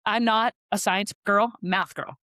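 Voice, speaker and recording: A woman in her thirties chats through her story as a podcast guest. Her voice sits at a middle pitch and is recorded dry and close. She keeps dropping in "like" and quick asides. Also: steady tone, sharp tone, dry recording. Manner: chatty, frequent "like" fillers, quick asides. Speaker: podcast guest, sales rep. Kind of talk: casual storytelling.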